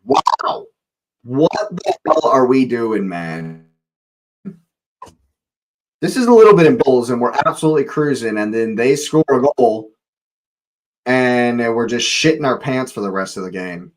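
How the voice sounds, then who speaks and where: Male fan host, live match reactions, animated pitch, frustrated yells. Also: a little slow, pauses often, low-quality recording. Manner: excitable, swearing, exasperated outbursts. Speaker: football watch-along host.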